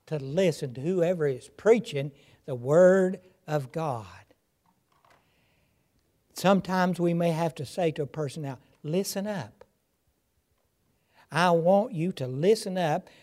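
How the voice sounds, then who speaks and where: Older male preacher, deliberate sermon delivery, emphatic repeats, unhurried. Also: a little high, warm tone. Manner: slow, emphatic, repeats key phrases.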